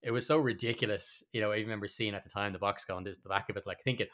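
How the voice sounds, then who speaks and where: A man's voice: lowish voice, fairly even intonation, very fast, a bit bright. A man, co-hosting a podcast in casual chat, rambling and swearing freely with many restarts. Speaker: podcast co-host.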